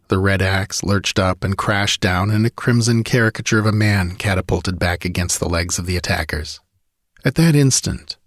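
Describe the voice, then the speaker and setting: A male audiobook narrator with a fairly low voice brings vivid, driving storytelling to a dramatic adventure tale. The audio is dry and close, with no echo.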